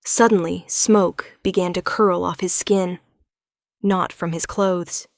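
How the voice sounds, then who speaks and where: A woman's voice: fairly low pitch, fairly even intonation, slow pace, vocal fry, no echo, clean studio sound. A woman giving dramatic first-person audiobook narration of a tense thriller.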